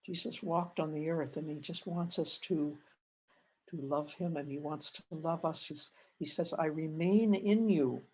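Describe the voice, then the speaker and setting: An older Canadian woman, a religious sister, giving a gentle reflective retreat talk over a video call and telling personal stories with rising feeling. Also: low voice, a little slow, slight background noise. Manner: gentle, reflective, grows animated retelling stories. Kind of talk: spiritual reflection with personal storytelling.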